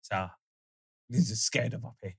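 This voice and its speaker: A young man, excitable and laughing in casual banter. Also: lowish voice, moderate pace, breathy edge.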